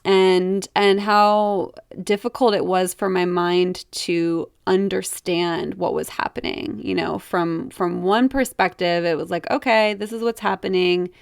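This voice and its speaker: Gravelly-voiced woman, candid and reflective. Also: fairly low pitch, steady tone, no room sound, studio quality. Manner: reflective, halting, many "like" and "you know". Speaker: podcast host. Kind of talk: candid personal monologue.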